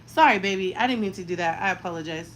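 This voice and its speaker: Here's a mother in her 30s, talking fast in a lowish voice as she styles her daughter's hair, candid and full of slang. A bit of hiss or hum runs under the rough recording.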